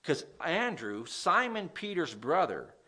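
Lively, animated male preacher. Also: fairly high pitch, slow, slightly rough. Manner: animated, conversational, asks the audience questions. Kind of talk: sermon.

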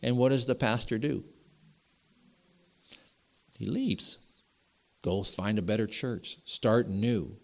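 A pastor delivering a sermon in a somewhat nasal voice, preaching with emphasis and rising louder when he reads scripture. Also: deep voice.

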